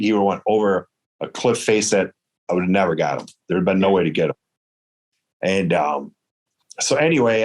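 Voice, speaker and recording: A man from Michigan, telling a hunting story in casual chat, acting out the dialogue with lively quotes. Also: on the low side. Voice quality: hard of hearing in one ear. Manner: animated, quotes dialogue in raised voice. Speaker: guest storyteller.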